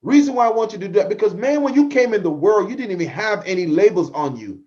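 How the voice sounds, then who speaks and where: A middle-aged man delivers a fervent motivational talk, urging listeners on and repeating his key phrases. His voice sits a little high for a man. The podcast audio is dull and lo-fi. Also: animated, quick pace, a little mellow. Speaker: podcast host, motivational speaker.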